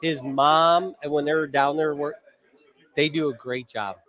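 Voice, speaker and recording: A man's voice: fairly high pitch, steady tone, unhurried, fairly bright tone. A man hosting a live cigar show, talking with enthusiasm and heaping on praise. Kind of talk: casual chat.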